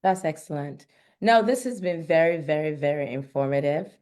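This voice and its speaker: A woman's voice: low-pitched, expressive, moderate pace, darkish tone. A woman hosting an online Q&A, encouraging her guest and asking follow-up questions. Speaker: webinar host.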